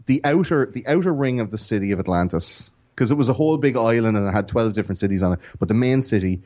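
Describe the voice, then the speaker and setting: A man's voice: on the low side, expressive, fast talker, darkish tone, highs cut off. Rambling Irish man on a podcast. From Ireland. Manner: enthusiastic, rambling storyteller. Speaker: podcast guest. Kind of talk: casual chat.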